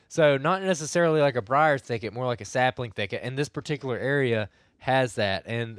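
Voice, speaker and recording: Chatty man with a smooth voice. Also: mid-range voice, dry recording, studio quality. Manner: storytelling, chatty, animated retelling. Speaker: podcast co-host. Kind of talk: casual chat.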